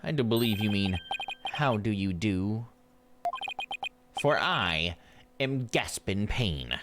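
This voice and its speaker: A man voicing a smug young male prosecutor who speaks in a slow, haughty drawl. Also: on the low side, lively intonation, heavy background noise, pitched above the performer's own voice.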